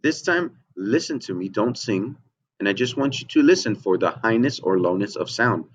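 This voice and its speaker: Teaching kids music over the internet, a patient, slow-speaking man keeps checking in with "okay?" and breaks into a high falsetto to sing. His delivery is expressive with a breathy edge, and the audio sounds dull.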